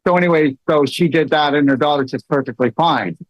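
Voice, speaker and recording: A middle-aged man hosting a casual talk, telling stories with many fillers and animated asides. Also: a little high, brisk. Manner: storytelling, many fillers, rising into animated quoted lines. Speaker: host. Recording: dull, dry lo-fi sound.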